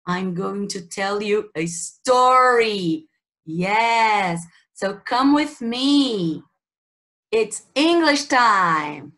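A woman English teacher with a Brazilian Portuguese accent leads a children's story time, asking simple questions about animals and colors. Her medium-pitched, expressive, somewhat bright voice uses a slow, exaggerated sing-song questioning style for kids.

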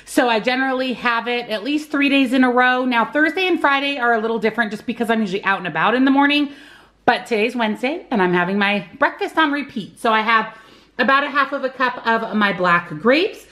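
Chatty upbeat woman vlogger, slightly high voice. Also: expressive, a little fast, bright, forceful tone. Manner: chatty and upbeat, talking to viewers. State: out of breath after a workout. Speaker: lifestyle vlogger. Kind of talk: casual vlog chat. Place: home garage and kitchen.

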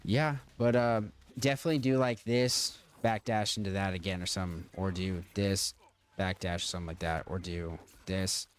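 Male gaming channel host, a touch low-pitched, loose and rambling, stumbling through his own tutorial. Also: fairly even intonation, normal speed, smooth. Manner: rambling, stop-start, frequent fillers. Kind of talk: casual game tutorial commentary.

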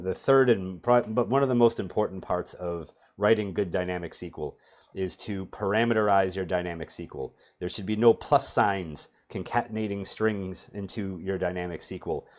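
A middle-aged man teaching a database tutorial over a screen share, talking casually with sardonic, self-mocking humor. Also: low-pitched. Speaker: database performance trainer.

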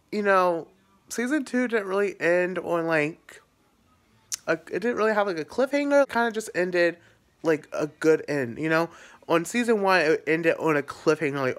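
A man's voice: on the high side, fairly bright tone. A young man talking casually to camera in a vlog, rambling and full of fillers, often laughing at himself. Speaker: vlogger. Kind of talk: casual emotional vlog talk.

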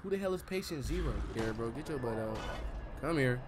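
Young man, gameplay commentary, animated pitch, playful, shouty, game sounds behind. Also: brisk, noisy background. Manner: loud, playful, swears freely, shouts at the game. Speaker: gamer streamer.

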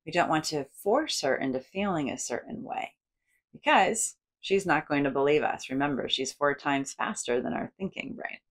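A woman with a low-pitched voice teaches a guided psychoeducation lesson. Her intonation swoops widely as she acts out the voice of the brain in big, almost cartoonish tones. She speaks as a psychologist guiding the listener through exercises. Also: moderate pace. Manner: animated, acts out inner voices with big playful inflections. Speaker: psychologist and educator.

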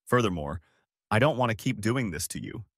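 A man's voice: on the low side, lively intonation, brisk, dry recording. A man reading the lines of an angry wife accusing her husband, in a dry recording. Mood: pleading. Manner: snarling, accusing.

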